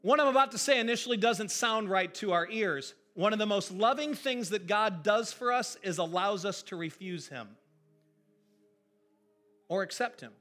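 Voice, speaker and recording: High voiced guy preaching a sermon, bright and punchy, talks right to you. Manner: animated, emphatic, conversational preaching. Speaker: pastor.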